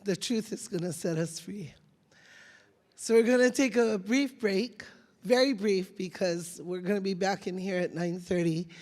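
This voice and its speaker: A man's voice: sits high, a little slow, a little mellow. A man, an organizer, heartfelt and a little emotional as he thanks the speaker and announces a break. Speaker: event organizer. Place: large hall. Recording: long hall reverb.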